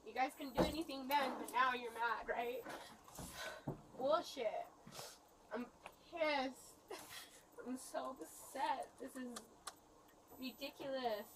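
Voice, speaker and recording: Distraught woman, high voice, tearful and cursing, distant on a noisy bodycam. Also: slow pace, pauses often. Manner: angry, swearing, bitter laughs. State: crying. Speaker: arrested driver. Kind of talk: bodycam arrest footage. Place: roadside traffic stop, outdoors. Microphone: officer's body camera.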